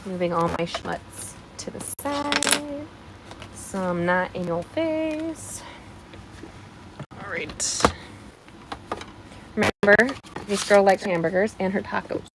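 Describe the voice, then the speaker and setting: Woman, live craft demo host, chatty and bubbly, animated pitch. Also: takes it slowly, long pauses, noisy background. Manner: chatty, bubbly, talks straight to viewers. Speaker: card-making demonstrator hosting a live stream. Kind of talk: casual live craft demonstration.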